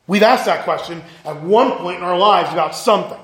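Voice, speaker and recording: A man's voice: sits high, a little fast, hardly any pauses, a bit bright, echoey room. A male pastor giving a sermon, earnest and emphatic, asking his listeners questions.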